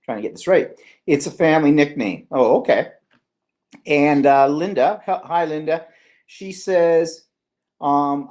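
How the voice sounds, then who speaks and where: A man's voice: a little high, measured pace, darkish tone. Chatty Canadian man hosting a live vlog. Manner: chatty, rambling, teasing. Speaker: vlog host. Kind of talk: live-stream chat.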